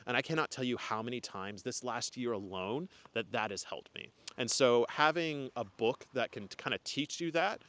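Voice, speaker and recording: A man's voice: mid-range voice, fairly bright tone. Earnest rambling young man vlogging. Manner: earnest, rambling, lots of fillers and restarts. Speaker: spiritual content creator. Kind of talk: casual reflective vlog talk.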